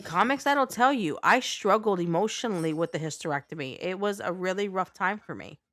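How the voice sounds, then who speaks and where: A woman's voice: fairly low pitch, expressive, brisk, a bit bright, dry recording, studio quality. A woman streaming a game live, talking blunt and unfiltered to her chat and swearing freely.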